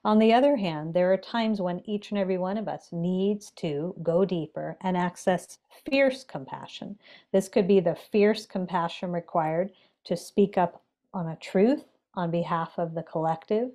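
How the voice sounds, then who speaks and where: Gentle and reflective, a meditation teacher speaks in measured phrases as a podcast guest, with pauses and fillers throughout. Her voice has a fairly low pitch.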